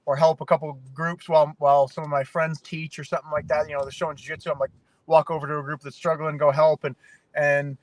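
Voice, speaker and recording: A Canadian man, a fighter guest on a podcast, telling animated, emotional stories in casual conversation. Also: a little high, quick pace, dry recording, low-quality recording. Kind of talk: casual interview.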